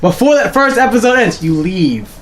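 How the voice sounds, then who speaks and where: A man's voice: high-pitched, moderate pace, slight background noise. A man co-hosting a podcast in casual, slangy chat, acting out little voices and laughing as he tells stories. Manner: animated, slangy, acts out voices and laughs often. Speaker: podcast co-host.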